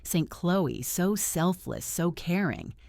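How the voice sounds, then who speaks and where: A woman reading the part of an entitled, mocking younger sister in a spoken story, with a lowish voice. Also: lively intonation, slow, vocal fry, darkish tone, full character voice. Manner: mocking, dismissive.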